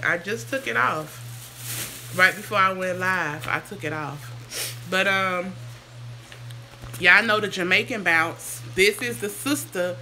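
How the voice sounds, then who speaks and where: On a home livestream, a hair vlogger chats casually, reading viewer comments and answering them aloud while getting sidetracked. She sounds sick and a bit hoarse, yet her mid-range voice is bright and clear. A faint hiss runs beneath the recording.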